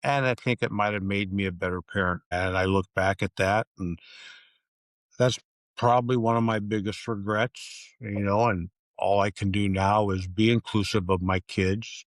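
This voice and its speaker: Give me an older man with a low voice. He speaks candidly and with regret in a faith-based conversation, and the sound is close and dry. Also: steady tone, a little slow, no room sound. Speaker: guest.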